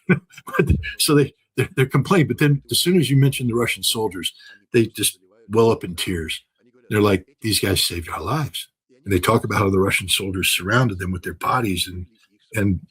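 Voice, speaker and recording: A man's voice: on the low side, moderate pace, a bit bright, slightly rough, rough recording. An older man talking in an unscripted interview as a guest commentator, emphatic and repeating phrases for stress.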